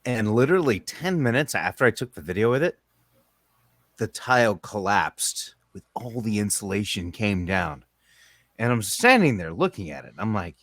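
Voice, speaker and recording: A man on a podcast, slowly telling a short workplace story in casual chat. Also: lowish voice, sing-song, a bit bright, dry recording, studio quality.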